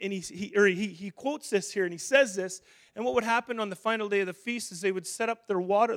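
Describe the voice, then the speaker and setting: A middle-aged man with a high-pitched voice preaches animatedly and conversationally, frequently restarting his sentences.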